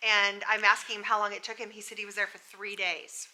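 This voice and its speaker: Emotional American woman, bright voice. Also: mid-range voice, little pitch movement, fairly quick. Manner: emotional, breathless retelling. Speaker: psychic medium. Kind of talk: relaying a spirit's story.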